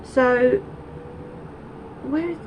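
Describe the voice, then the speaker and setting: A woman's voice: high voice, very slow, background noise. Chatty woman rambling to camera. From Essex, England. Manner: rambling, chatty, with many ums and asides. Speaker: knitting podcast host. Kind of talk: casual chat to camera.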